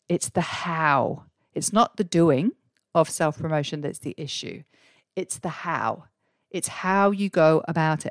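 A woman's voice: sits low, dry recording. A woman hosting a podcast and coaching her listeners, earnest and full of rhetorical questions. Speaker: podcast host and career coach. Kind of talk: solo podcast advice talk.

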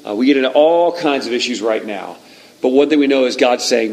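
A man preaching a sermon in a relaxed, conversational way, retelling a scripture story and acting out its moments. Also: medium pitch, brisk, low-quality recording. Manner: conversational, animated storytelling that acts out the scene. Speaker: pastor.

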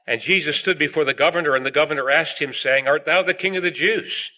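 A man's voice: on the high side, fast talker, bright, forceful tone. A man preaching a sermon to a gathered audience, reading long King James scripture passages aloud with rising emphasis on the questions.

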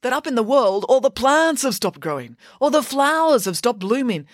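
A woman voices a bossy, blustering male king of the gods, pitching above her own voice into a fairly high, sing-song register at a moderate pace. The recording is dry, with clean studio sound.

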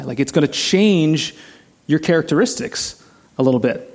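An expressive, slightly high-voiced pastor at normal speed gives a casual, chatty sermon full of rhetorical questions for his listeners, with frequent restarts and "like" fillers.

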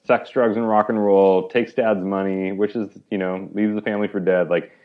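A man's voice: on the low side, moderate pace, highs cut off. A man talking as a guest in a conversational interview. He retells a parable with animation, acts out the lines of its characters and uses "like" often. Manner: animated storyteller, acts out quoted speech, many "like"s.

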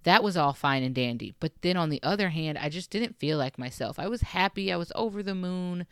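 A woman's voice: lowish voice, expressive, brisk, a bit bright, clean tone, dry recording, clean studio sound. A young woman giving chatty, casual advice as a mom vlogger, often checking in with "okay" and "right". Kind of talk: casual advice talk to camera.

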